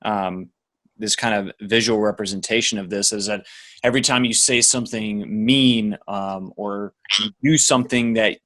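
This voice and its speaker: A man's voice: fairly low pitch, a bit bright. A man and father talking thoughtfully on a podcast, hesitant and reflective. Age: adult parent. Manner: thoughtful, halting, many fillers and restarts. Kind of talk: casual podcast chat.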